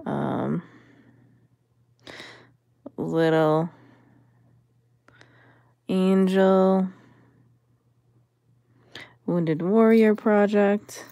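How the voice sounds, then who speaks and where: A woman's voice: fairly low pitch, animated, takes it slowly, long pauses, darkish tone, dry recording, studio quality. A woman vlogger giving casual commentary as she sorts vintage jewelry, musing and appraising each piece aloud.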